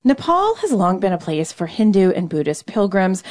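A woman radio reporter narrating a scripted news feature in a measured, clear way. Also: mid-range voice, sing-song, a little mellow.

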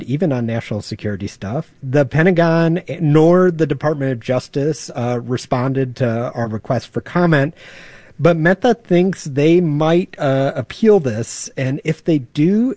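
Mellow-voiced male news correspondent. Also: on the high side, no echo. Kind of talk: conversational news report.

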